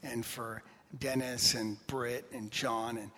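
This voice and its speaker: A man preaching as pastor, telling funny stories in an animated, joking way. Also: mid-range voice, takes it slowly, slight background noise. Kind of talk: sermon with humorous stories. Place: church sanctuary. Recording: long reverb of a church hall.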